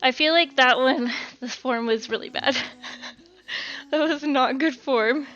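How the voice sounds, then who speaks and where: A woman's voice: sits high, a little slow, fairly bright tone, highs cut off. A young woman chatting casually on a live stream while cooking at home, giggling, swearing lightly and a little out of breath.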